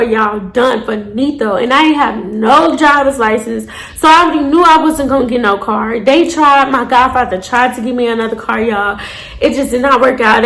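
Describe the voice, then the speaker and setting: A young woman, telling a dramatic storytime to her viewers with shouted bursts and cursing. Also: fairly high pitch. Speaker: storytime vlogger. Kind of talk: casual storytelling to camera.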